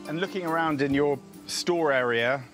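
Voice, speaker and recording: A man's voice: fairly high pitch, normal speed. A man presenting a travel documentary, narrating and interviewing outdoors in the bush with an encouraging manner. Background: background music.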